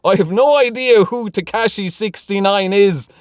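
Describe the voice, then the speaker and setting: Chatty high-voiced man. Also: normal speed, no room sound, studio quality. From Ireland. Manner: chatty, laughs often between lines. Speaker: car vlogger. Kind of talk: casual Q&A vlog, reading comments.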